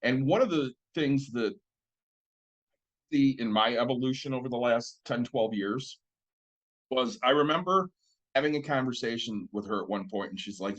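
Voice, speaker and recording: A man's voice: mid-range voice, normal speed, fairly bright tone, poor audio. A man co-hosting a casual podcast, speaking frankly and reflectively with plenty of swearing. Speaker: podcast co-host.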